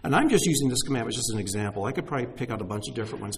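A middle-aged male pastor delivers a sermon with emphatic energy. His pitch climbs and drops freely as he speaks right to his congregation, pressing and encouraging them. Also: very fast, few pauses. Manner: animated, emphatic preaching with direct address to listeners.

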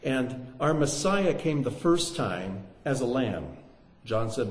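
Lively preacher in an echoey hall. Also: male voice, mid-range voice, takes it slowly. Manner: animated, joking asides, swings between loud and hushed. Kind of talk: sermon.

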